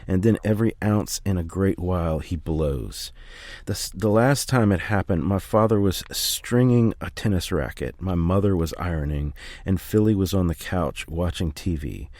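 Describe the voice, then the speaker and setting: A man reading a first-person memoir aloud in a steady, measured way. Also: sits low, no room sound. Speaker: audiobook reader.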